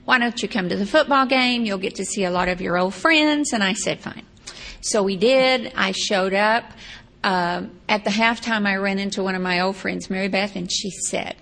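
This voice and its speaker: A woman's voice: medium pitch, normal speed, gravelly, fairly bright tone. A woman from Texas, telling a rambling personal story with wry asides. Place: seated on a stage or chair.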